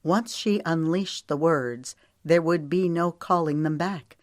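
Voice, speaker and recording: A woman's voice: deep voice, no echo, clean studio sound. A woman narrating a romance audiobook and giving the characters' lines light shifts in voice. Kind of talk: scripted narration.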